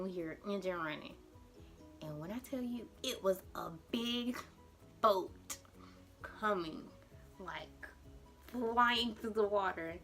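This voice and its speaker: Animated young woman telling a story. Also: medium pitch. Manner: animated, dramatic retelling; acts out her panicked past self in quotes. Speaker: vlogger. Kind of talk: storytime vlog.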